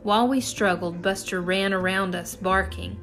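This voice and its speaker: A woman reading a chapter of a storybook aloud in the first person, in steady narration. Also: medium pitch, normal speed, faint music behind. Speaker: audiobook narrator.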